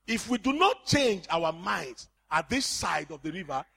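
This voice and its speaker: Very high-voiced impassioned male preacher. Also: big pitch swings, a little slow, creaky, husky. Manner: impassioned, often shouting for emphasis. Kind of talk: sermon.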